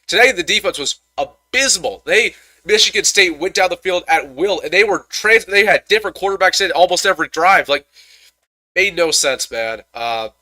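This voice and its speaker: A man's voice: high-pitched, expressive, normal speed, sharp tone, dry recording. Fired-up young man ranting postgame. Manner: frustrated, ranting, stammering restarts. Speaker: sports commentator host. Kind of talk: live-stream postgame reaction.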